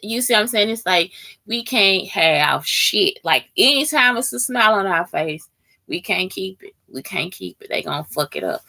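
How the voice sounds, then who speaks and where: A woman's voice: medium pitch, expressive, normal speed, gravelly, pushed and bright. A woman hosting a casual chat, answering question prompts bluntly and with lots of swearing, talking straight to her listeners. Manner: blunt and heavily profane; talks straight to listeners as "y'all".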